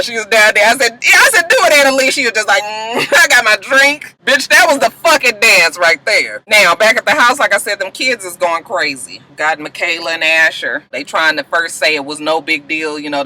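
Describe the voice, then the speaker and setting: A woman's voice: mid-range voice, bright, forceful tone, low-quality recording. A woman, animatedly recapping a TV episode and acting out the characters' lines. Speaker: TV recap vlogger.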